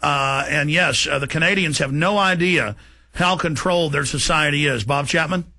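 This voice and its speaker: A male talk radio host with a bright, forceful voice. He speaks fast and emphatically, with constant indignation. His pitch sits a little above the usual for a man. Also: vocal fry.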